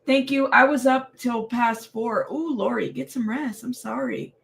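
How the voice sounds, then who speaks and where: A woman's voice: a little high, a little slow, gravelly. A tired woman hosting a casual livestream and greeting viewers by name. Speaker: livestream host.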